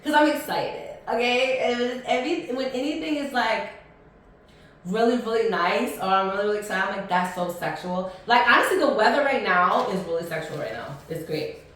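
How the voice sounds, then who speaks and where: A woman's voice: a little high, fairly quick, fairly bright tone. Chatty woman podcaster in an echoey room. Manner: rambling and chatty, many ums and restarts, blunt. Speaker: podcast host. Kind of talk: casual solo podcast chat. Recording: echoey room, mic at a distance.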